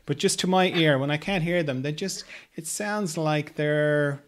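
A man hosting an interview podcast, talking in a loose, hesitant way with gentle humor. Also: on the high side, measured pace, a little hiss or hum. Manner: rambling with many ums and hesitations, gently humorous. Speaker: podcast host. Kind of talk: casual interview chat.

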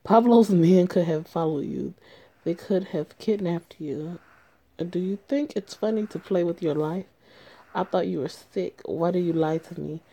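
A woman reading the lines of a stern, protective young man in a story game, with a low, husky voice. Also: moderate pace, dark tone. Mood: scolding. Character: protective, angry young man, scolding partner.

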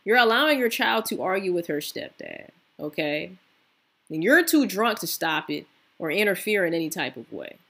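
Woman reacting to a clip, kinda low husky voice, blunt but sympathetic. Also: big pitch swings, normal speed, a bit bright. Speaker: reaction channel host. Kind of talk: casual reaction commentary.

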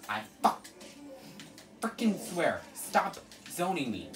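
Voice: mid-range voice, big pitch swings, unhurried, soft background music. A gamer giving live commentary over a fighting game, exasperated, exclaiming and pleading at the opponent. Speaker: let's play gamer.

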